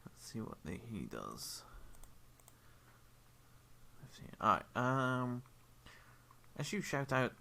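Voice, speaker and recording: A man narrating as game master for a tabletop game stream, rambling with many ums and quick apologies. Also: medium pitch, huge pitch swings, creaky, sharp tone, slight background noise. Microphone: headphones with a desk mic.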